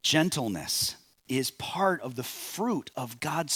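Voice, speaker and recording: A pastor preaching a sermon in a measured way, rising on key phrases and dropping soft at line ends. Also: male voice, mid-range voice, lively intonation, slightly rough, no echo.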